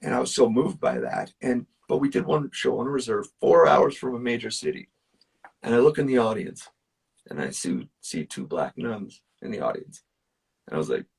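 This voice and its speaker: A man's voice: medium pitch, lively intonation, normal speed, creaky, husky, distant mic. A man, a musician guest, telling personal stories in casual chat, earnest and emphatic, with plenty of fillers. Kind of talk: casual storytelling.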